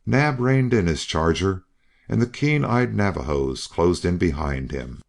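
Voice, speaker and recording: A man's voice: low voice, lively intonation, unhurried, creaky. A man narrating a western novel as an audiobook reader. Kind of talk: scripted narration.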